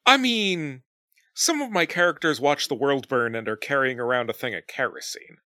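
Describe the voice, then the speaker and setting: Mid pitch, casual podcast chat, wry dry humor, dry close sound. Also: animated, normal speed, sharp tone, no room sound. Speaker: podcast co-host.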